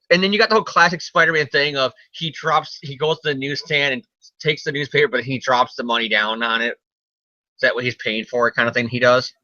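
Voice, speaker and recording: A man's voice: mid-range voice, fairly even intonation, brisk, sharp tone, dry recording. A man co-hosting a casual comic review chat, rambling, jokey and swearing often. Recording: dull lo-fi sound, dry.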